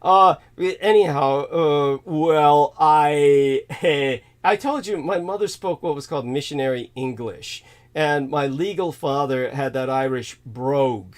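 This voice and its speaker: A man's voice: a little high, takes it slowly. A man hosting a podcast in casual chat, laughing often and using flowery, old-fashioned phrasing. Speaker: podcast host.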